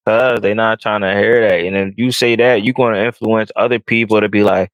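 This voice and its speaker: A man's voice: fairly low pitch, steady tone, a little fast, no room sound. A man in a casual podcast chat, talking in a laid-back way and calling people bro.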